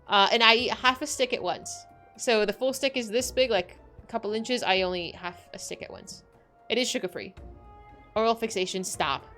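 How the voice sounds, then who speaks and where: A woman's voice: mid-range voice, a bit bright. Woman streamer just chatting w chat while gaming, rambly, lots of "like", voice bouncing all over. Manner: chatty, rambling, heavy use of "like"; reads game dialogue aloud.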